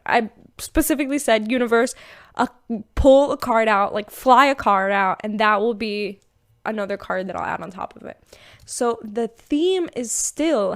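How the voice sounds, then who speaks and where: Young woman, podcast host, chatty and animated, lots of fillers, slightly high voice. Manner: chatty, animated, laughs often, many fillers. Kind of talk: casual spiritual talk.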